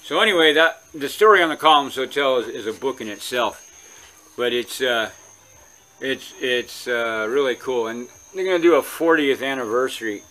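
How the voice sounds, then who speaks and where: Bright-voiced rambling man vlogger. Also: medium pitch, normal speed. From California. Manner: rambling, chatty, many restarts. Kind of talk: casual rambling storytelling.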